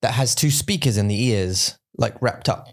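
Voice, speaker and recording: Pria yang bercerita dengan hidup. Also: male voice, medium pitch, normal speed. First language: English. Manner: animated storytelling, acts out voices for effect. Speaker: podcast co-host. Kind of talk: casual bilingual chat.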